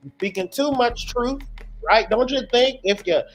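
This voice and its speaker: A man's voice: very high voice, moderate pace. A man voicing a cautious male friend who coaxes him to tone it down, mildly scolding. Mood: coaxing.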